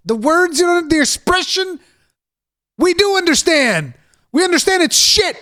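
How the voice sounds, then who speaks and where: Man, high voice, sarcastic, exasperated, swearing reaction rant. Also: lively intonation, measured pace, pushed and bright. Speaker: reaction streamer. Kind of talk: ranting reaction commentary.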